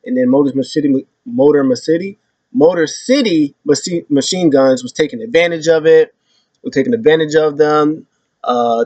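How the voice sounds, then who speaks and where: A man hosting a casual wrestling recap, retelling events in an animated way and acting out the quotes. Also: medium pitch, no room sound. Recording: dull lo-fi sound.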